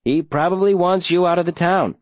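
A man's voice: high voice, fairly even intonation, fairly quick, dry recording, voice pushed up, close to an everyday voice. A man voicing a weary, sardonic middle-aged ex-mayor with a wry, mocking edge, in an audiobook reading. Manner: wry and mocking, a bit raised. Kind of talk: audiobook character voice.

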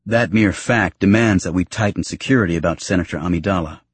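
A man playing a stern, flat-toned security chief. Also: sits low, moderate pace, slightly rough. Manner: flat, determined, curt.

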